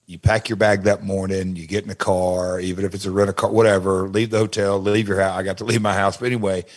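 Older guy, low voice, rambling on about backstage days, lots of stops and starts. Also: flat delivery. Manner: rambling, halting, reflective. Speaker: retired wrestler, guest. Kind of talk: casual chat.

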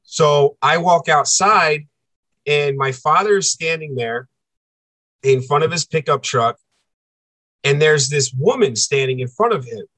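A man's voice: on the high side, animated, unhurried, long pauses, a bit bright, no echo. A man as a podcast guest, telling a personal story with intensity, repeating phrases and acting out what people said. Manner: intense, repeats phrases, acts out quoted dialogue.

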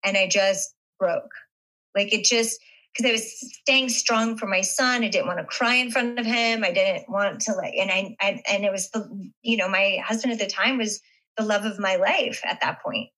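A middle-aged woman, a guest actress in an interview, speaking in a hesitant, halting, reflective way. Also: medium pitch, pushed and bright, rough recording. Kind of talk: interview conversation.

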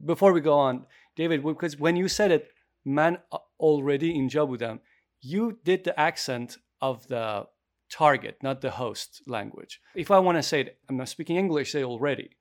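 A man's voice: fairly high pitch, fairly quick. A man co-hosting a casual chat, playful and arguing his points at length. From Iran. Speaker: podcast co-host.

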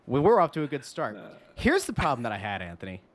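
Animated male podcast co-host ranting. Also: medium pitch, fast talker, a little hiss or hum. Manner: animated, mock-indignant ranting. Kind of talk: casual podcast chat.

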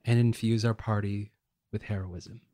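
A man at a tabletop game offers encouragement and explains rules. His voice is mid-pitched and mellow, recorded dry and close. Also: fairly even intonation, moderate pace, no room sound. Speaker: player. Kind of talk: in-character tabletop play.

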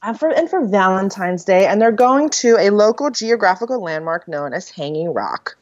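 A woman's voice: medium pitch, expressive, normal speed, no echo. A woman co-hosting a podcast in casual chat, summarizing a story in a rambling way with fillers and laughs. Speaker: podcast co-host. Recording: dull, lo-fi dry recording.

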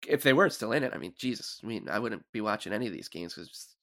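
Male podcast guest, low voice, dry sound, rambling storyteller. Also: expressive, fast talker, bright, forceful tone, dry recording. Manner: rambling, repeats words, many likes. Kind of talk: casual sports podcast chat.

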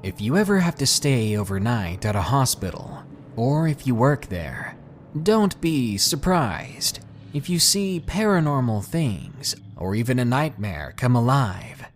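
A man hosting a podcast, narrating a scary first-person story in a hushed, suspenseful way. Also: medium pitch, sing-song, unhurried, slight background noise. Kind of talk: scripted horror story narration.

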